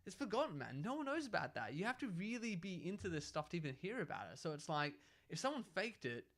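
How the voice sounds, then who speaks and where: A young man, co-hosting a casual podcast chat and arguing his theory in an animated way. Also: sits high, quick pace. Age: young adult. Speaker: podcast co-host.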